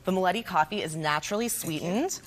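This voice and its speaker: A woman drinks expert explaining cocktails as a guest on a TV morning show, bubbly and quick. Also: fairly low pitch. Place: TV studio.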